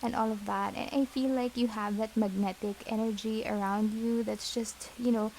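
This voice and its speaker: Gravelly-voiced woman tarot reader. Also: fairly high pitch, steady tone, normal speed, a little hiss or hum, low-quality recording. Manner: gentle, reassuring, many fillers. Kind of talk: pick-a-card tarot reading.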